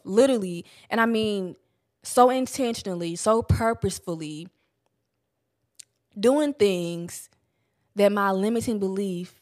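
A young woman gives a relaxed self-help talk to camera, her voice sitting at a middle pitch. She sounds candid and animated and swears without a second thought. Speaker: vlogger.

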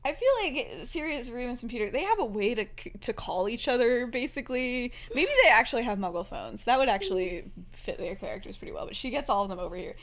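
Young woman, podcast host, casual storytelling, laughs often, quick quoted dialogue. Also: fairly high pitch, expressive, a bit bright. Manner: chatty, laughs often, acts out characters' lines in quick quotes. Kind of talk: casual fan-fiction storytelling chat.

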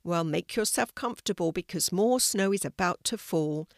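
Storyteller doing a quick, helpful hedgehog, a storybook creature with somewhere to be. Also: female voice, fairly low pitch, lively intonation, no room sound, studio quality. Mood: friendly. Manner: brisk and chatty. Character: kindly male hedgehog, busy and practical.

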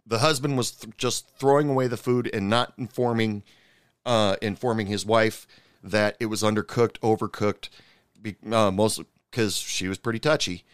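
Rambling man with a smooth, dry voice. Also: on the low side, steady tone, moderate pace, no echo. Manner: rambling, many fillers and restarts, indignant asides. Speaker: commentator recounting a TV episode. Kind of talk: casual storytelling commentary.

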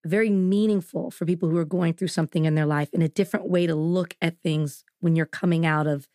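A woman's voice: low voice, steady tone, a little fast, warm tone, no room sound, clean studio sound. A woman in her thirties cohosting a podcast, earnest and teasing. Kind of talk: casual chat.

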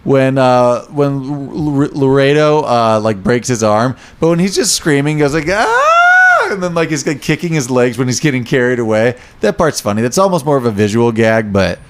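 A man's voice: medium pitch, normal speed, hardly any pauses, clean tone. A man co-hosting a casual podcast about a movie, quoting lines from it. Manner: animated, quotes lines in put-on voices. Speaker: podcast co-host.

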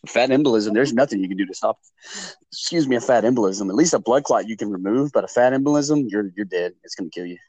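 A man's voice: on the low side, expressive, fast, a little mellow, no room sound, lo-fi sound. A man in casual chat, rambling and hedging as he talks, swearing offhand.

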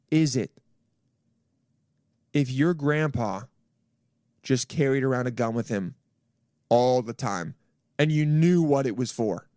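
Crude, animated young man ranting. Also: a little high, no room sound, studio quality. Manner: crude, animated, acts out voices. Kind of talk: comedic rant. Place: home, roommate in next room.

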